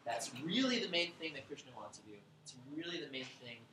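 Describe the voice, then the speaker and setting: A man's voice: on the high side, big pitch swings, fairly quick. A man giving a casual, irreverent lecture in a bookstore, thinking aloud and rambling between points. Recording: echoey room with background noise.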